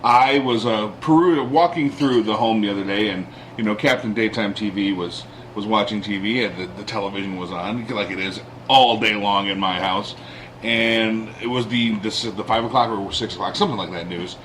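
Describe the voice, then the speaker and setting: A man's voice: fairly low pitch, a bit bright, slight background noise, poor audio. A man co-hosting a podcast who chats casually, jokes and laughs easily. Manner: jokey, quick to laugh. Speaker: podcast co-host. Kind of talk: casual political chat.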